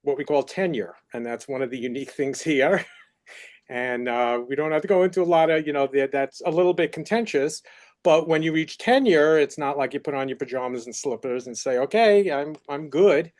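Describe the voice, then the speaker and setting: A man with a New York accent speaks on a university panel, explaining things in a loose, chatty way. His pitch sits in the middle for a man, and he leans on fillers as he goes. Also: fairly even intonation, fairly quick. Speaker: faculty researcher panelist. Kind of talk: panel discussion.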